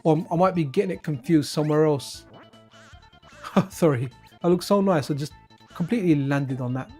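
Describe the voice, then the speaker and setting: A man's voice: a little high, normal speed, darkish tone, slightly rough. Chatty man streaming retro games. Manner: rambling, laughing, chatty with viewers. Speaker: gaming livestream host. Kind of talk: casual gameplay commentary and chat. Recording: faint game music behind.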